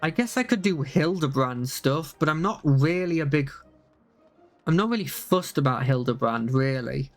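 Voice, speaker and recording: A young man talks casually on a live stream, rambling and circling back over his own points. His voice sits a little high for a man. Faint music plays underneath. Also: lively intonation, moderate pace. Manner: rambling, repeats himself, many fillers and restarts.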